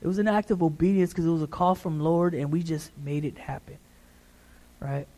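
A middle-aged man preaching a sermon in a relaxed, conversational way, often checking in with the congregation. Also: a little high, fairly quick. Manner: conversational, repeats "right?" to the congregation.

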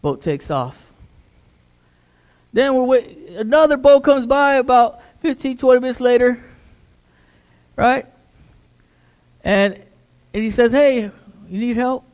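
A man's voice: very high-pitched, animated, slow, long pauses, a little mellow. A middle-aged man, a pastor, preaching a conversational sermon, repeating words as he builds emphasis.

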